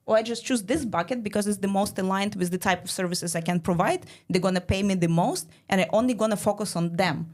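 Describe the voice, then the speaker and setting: A woman guest on a podcast, explaining ideas in a casual, animated way with many "like" fillers. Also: mid-range voice, fast, hardly any pauses. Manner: explanatory, peppered with "like". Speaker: guest, startup studio founder.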